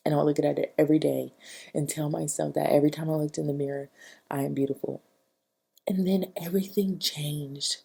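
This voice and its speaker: Husky low-voiced woman giving chatty advice. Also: mellow. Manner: chatty, emphatic, acts out quoted voices. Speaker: vlogger. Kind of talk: casual talking-head advice.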